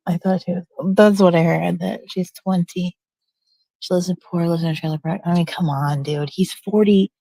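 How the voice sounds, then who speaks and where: A woman's voice: fairly low pitch, a little mellow, dry recording, rough recording. A middle-aged woman venting casually in a rambling storytime, blunt and profane, restarting her sentences often. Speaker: vlogger.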